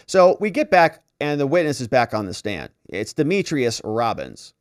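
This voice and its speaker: A male lawyer giving an animated trial recap, acting out the exchanges as he tells them. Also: medium pitch, moderate pace, hardly any pauses, dry recording, studio quality. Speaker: lawyer and commentator.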